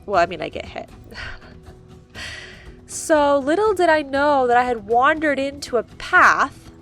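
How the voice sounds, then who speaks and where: A woman's voice: sits high, lively intonation, a little slow, a bit bright, soft background music. A woman hosting a gaming video, casually retelling her playthrough in a rambling, playful way, often hunting for words. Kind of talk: casual story retelling of a game.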